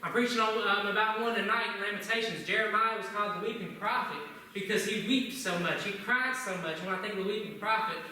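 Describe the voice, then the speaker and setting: A man's voice: high voice, quick pace, few pauses, sharp tone. A man preaching a sermon in church, opening with prayer and asking the congregation many questions. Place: church sanctuary. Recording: echoey church room, from a distance.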